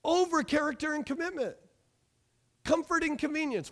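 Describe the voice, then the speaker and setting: A man pastor preaching a lively sermon with rhetorical questions, asides and jokes to his congregation. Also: very high voice, normal speed.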